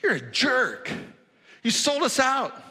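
A preacher doing a furious townsman, voice pushed high and sharp, hurling accusations at a crooked tax man. The bright, strained shouting rings through a reverberant hall. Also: huge pitch swings, slow pace, heavily acted. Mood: accusing. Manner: accusing, exasperated rant. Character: indignant townsman scolding a corrupt tax collector.

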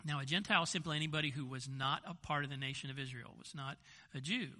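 An older man, both a grandfather and a pastor, preaches in a conversational storytelling style, frequently restarting his sentences. His mid-range voice is fast and sharp, and the recording carries a long hall reverb.

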